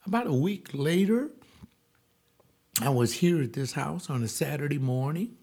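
Male pastor, sermon-style testimony, emphatic, lingers on words, slightly high voice. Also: expressive, gravelly, a little mellow, breathy edge. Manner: emphatic, stretching key words slowly.

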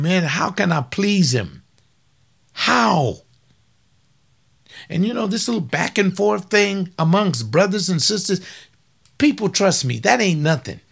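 A man's voice: animated, normal speed, gravelly. Older male webcast preacher, folksy, emphatic, voice climbing when fired up. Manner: folksy, emphatic, repeats lines for stress, rises in pitch when fired up. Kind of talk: informal preaching.

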